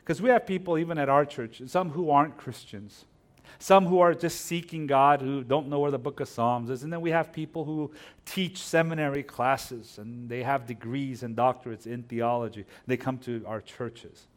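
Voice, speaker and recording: Animated storytelling male pastor. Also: mid-range voice, normal speed. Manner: storytelling, swinging from hushed asides to loud animated bursts. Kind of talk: sermon.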